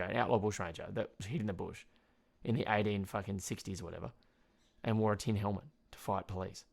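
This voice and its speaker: A man's voice: lowish voice, gravelly. A young Australian man hosting a podcast, talking in a rambling, loose way, swearing often and laughing at his own stories. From Tasmania, Australia. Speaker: podcast host. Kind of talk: casual solo rant.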